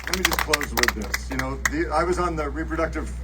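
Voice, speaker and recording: A man's voice: fairly high pitch, animated, a little fast. Earnest man speaking at an outdoor rally. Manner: earnest, rising to shouts on key lines. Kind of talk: political rally speech. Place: outdoor rally beside a bus. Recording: distant outdoor rally mic with noise.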